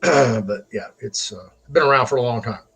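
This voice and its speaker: Host, middle-aged man, husky and bright-toned, rambling casual monologue full of laughs and curses. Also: medium pitch, moderate pace. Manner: laughs often between lines, swears freely. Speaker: show host.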